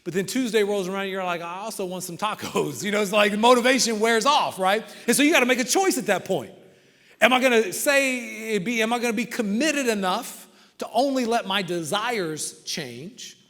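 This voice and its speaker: A man giving a humorous, animated motivational talk, telling a story and often checking in with the audience. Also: high-pitched, normal speed. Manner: animated, keeps asking the crowd "right?". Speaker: motivational speaker. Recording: long reverb of a large hall.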